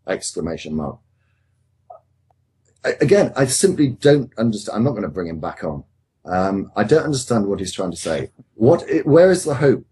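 A male host of a panel show who asks questions in a measured, inquisitive way, stammering a little as he starts. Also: fairly low pitch, sing-song, mellow, breathy edge. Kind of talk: casual panel chat.

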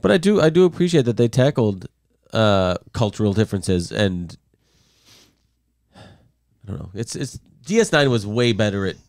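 Male podcast co-host, lowish voice, thoughtful, dry close sound. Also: big pitch swings, normal speed, pauses often, a little mellow, dry recording. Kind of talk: casual chat.

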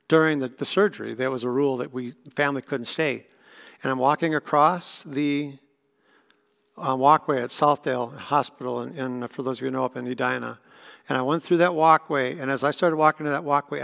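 A man's voice: medium pitch, vocal fry, a bit bright. A man, preaching a sermon as pastor and telling personal stories earnestly, with restarts. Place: church sanctuary. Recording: long church reverb.

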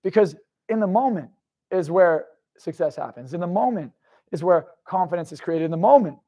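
A young man with a slightly high-pitched voice gives a live motivational talk. He tells a raw personal story with intensity and swears freely. He keeps turning to the audience with questions. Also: lively intonation, moderate pace, dark tone. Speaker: motivational speaker.

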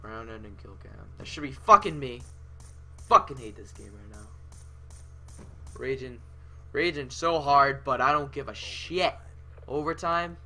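A young man giving profane, ranting commentary over his own gameplay, yelling at the game. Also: medium pitch, animated, a little slow, long pauses, faint music behind. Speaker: gaming video creator.

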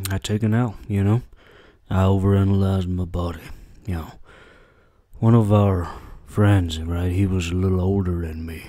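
A man's voice: low-pitched, steady tone, a little slow, dark tone, dry recording, clean studio sound. A man hosting a comedy reaction video, mock-dramatic and self-mocking, swearing freely. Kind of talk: jokey reaction commentary.

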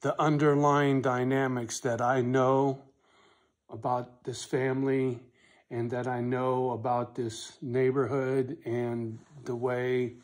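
Man, vlogger venting on camera, swears freely, talks slowly with long pauses. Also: mid-range voice, level tone. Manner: blunt, swearing, repeats "right?", voice swells loud when angry then drops quiet and soft; slow, deliberate delivery with pauses. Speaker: vlogger on his rural property. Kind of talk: emotional personal vlog, talking to camera.

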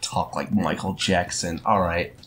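A man's voice: low-pitched, fairly even intonation, unhurried, fairly bright tone, poor audio. A man hosting a let's play, chatting casually while gaming, giggling and clowning around between silly impressions. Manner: goofy, giggly, keeps trying silly impressions. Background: faint game music.

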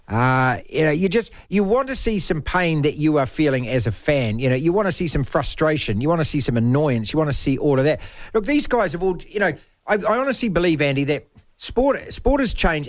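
A man's voice: a little high, dry recording. A man with a New Zealand accent hosting a sports radio show, teasing and opinionated. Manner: teasing, opinionated, laughs often. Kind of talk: casual radio sports chat.

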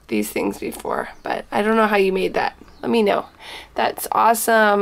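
A scrapbooking vlogger with a medium-pitched, creaky voice chats casually while unboxing gifts on camera. She gushes over each little item and sprinkles Japanese phrases throughout.

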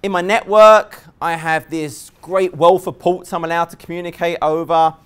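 An Englishman with an English accent giving a technical conference presentation to a live audience, joking and relaxed, with many fillers and restarts. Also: on the high side, moderate pace, clear, resonant tone. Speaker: conference speaker.

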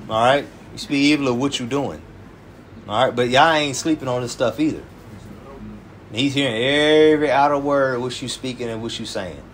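A man's voice: medium pitch, moderate pace, slight background noise. A man who is a church elder, preaching in an informal, emphatic, colloquial way and often tacking "man" onto his phrases. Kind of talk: informal sermon teaching.

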